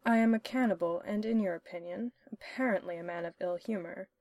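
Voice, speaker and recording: A refined, dryly witty male doctor, as a woman reading the story puts him on. He speaks in a measured, formal manner, every line deliberate. The reading is close and dry, with no room around it. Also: medium pitch, a little mellow, no echo, lightly acted. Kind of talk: audiobook-style story reading.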